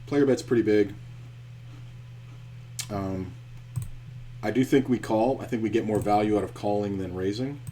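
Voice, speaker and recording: Low-voiced man commentating poker. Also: moderate pace, long pauses, mellow, a little hiss or hum. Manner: blunt, profane, thinking aloud. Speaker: online poker streamer. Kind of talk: live-stream poker commentary.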